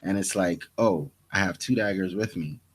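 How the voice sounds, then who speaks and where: A man's voice: sits low, moderate pace, over a noisy crowd. A young man co-hosting a podcast, casually retelling TV scenes and acting out the characters' lines with many restarts. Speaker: podcast co-host. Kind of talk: casual TV recap chat.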